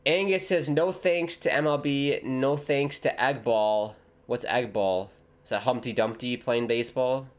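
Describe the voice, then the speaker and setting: A young man from the United States hosting a live football watchalong, chatting casually and joking, with sudden excited shouts. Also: medium pitch, a little slow. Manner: rambling, jokey, breaks into excited shouts. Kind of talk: casual live commentary and chat.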